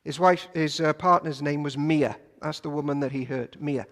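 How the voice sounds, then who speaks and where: A man preaching a sermon, telling a story and dropping from loud to hushed. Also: fairly high pitch, normal speed. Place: church. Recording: long reverb of a church hall.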